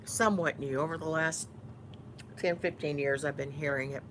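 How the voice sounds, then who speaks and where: A woman's voice: sits low, fairly even intonation, normal speed, slight background noise. A woman from Houston with a Texan Southern accent, chatting casually while eating on camera, teasing and mock-bossy. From Houston, Texas. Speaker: YouTuber.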